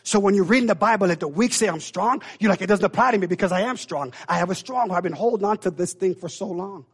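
A man preaching a sermon with impassioned delivery, swinging between loud calls and hushed, intense passages and acting out God's voice. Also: sits high, fast talker, breathy edge.

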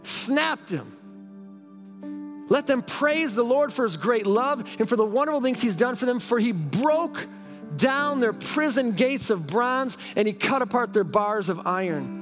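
High-voiced fervent preacher over music. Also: male voice, expressive, normal speed, a bit bright. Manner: fervent, exhorting, repeats "now". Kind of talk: sermon with scripture reading. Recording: background music.

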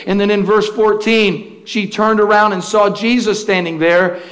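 A pastor with a notably high voice delivers a sermon in a folksy, storytelling manner. He often backs up and restarts his sentences as he talks. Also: fairly even intonation, moderate pace, few pauses, a bit bright.

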